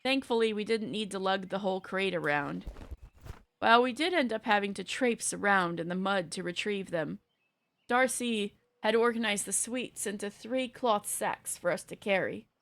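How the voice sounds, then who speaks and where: A woman's voice: mid-range voice, normal speed, fairly bright tone. A woman streamer reading a story aloud, breaking off now and then for casual joking asides.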